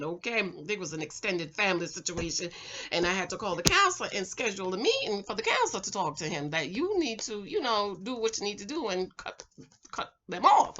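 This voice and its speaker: A woman's voice: medium pitch, lo-fi sound, a little hiss or hum. A middle-aged woman giving a casual, chatty show review from her home, talking straight to her female viewers and checking in with "okay?". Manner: animated, talks straight to viewers as "girl" and "ladies", keeps checking with "okay?". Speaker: vlogger reviewing a reality show.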